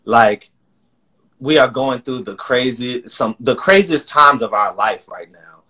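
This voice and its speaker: A man's voice: mid-range voice, animated, a little slow, bright, forceful tone, breathy edge. A man talking earnestly and emotionally in a live-streamed conversation. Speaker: guest, choreographer and artistic director.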